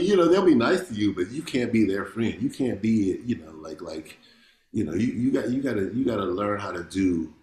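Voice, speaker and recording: Chill guy musician rambling thru stories, lowish voice, kinda echoey room. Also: a little hiss or hum. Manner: loose, repeats words, animated storytelling with quoted voices. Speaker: jazz bassist, guest. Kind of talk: casual interview chat. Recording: roomy echo.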